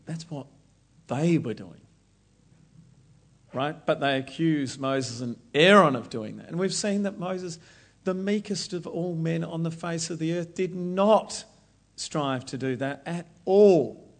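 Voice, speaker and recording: A man preaching a Bible study sermon, explaining verses slowly and deliberately. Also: on the high side, lively intonation.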